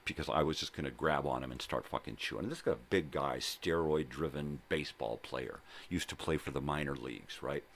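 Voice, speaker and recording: Very deep-voiced older man, profane storyteller. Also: a bit bright. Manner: profane, rambling, keeps adding "right?" and "you know?". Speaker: vlog host. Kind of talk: casual personal storytelling monologue. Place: at home.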